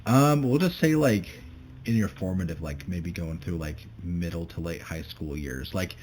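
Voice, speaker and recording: A man's voice: sits low, normal speed, darkish tone, a little hiss or hum. A young man guesting on a podcast, talking in a casual, unsure way full of fillers. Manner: unsure, fills with "like".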